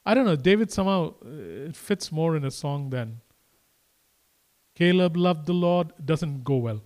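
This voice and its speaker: A man preaching a conversational sermon, swinging between quiet and emphatic delivery and speaking to the crowd as "guys" and "man". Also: a little high, expressive, moderate pace. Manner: addresses listeners casually as "guys" and "man".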